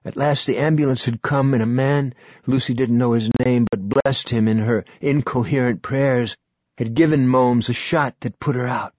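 A man narrating an audiobook in a measured, even storytelling manner. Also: mid-range voice, no room sound, muffled recording. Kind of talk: scripted narration.

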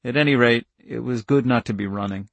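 A man reading a novel aloud in a measured, tense storytelling voice. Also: mid-range voice, gravelly, dry recording. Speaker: narrator. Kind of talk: audiobook narration.

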